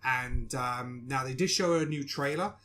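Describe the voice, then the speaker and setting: A man's voice: medium pitch, measured pace, a little hiss or hum. A man hosting a casual film podcast, talking loosely with fillers and putting questions to his co-hosts. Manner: relaxed, many fillers, asks co-hosts questions. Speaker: podcast host.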